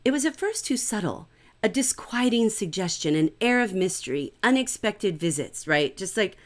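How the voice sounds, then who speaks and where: A middle-aged woman teaching a livestreamed literature class in an animated, conversational way, often checking in with "right?". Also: mid-range voice, normal speed.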